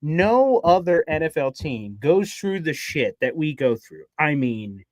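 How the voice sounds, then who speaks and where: A man co-hosting a casual sports talk show, telling a story in a lively way and acting out his own reactions. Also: on the high side, a little slow, no echo. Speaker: podcast co-host. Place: radio station studio.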